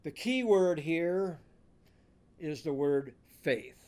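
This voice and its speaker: Male pastor, higher voice, measured and emphatic sermon delivery. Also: lively intonation, a little mellow. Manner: slow, deliberate preaching with emphatic scripture reading.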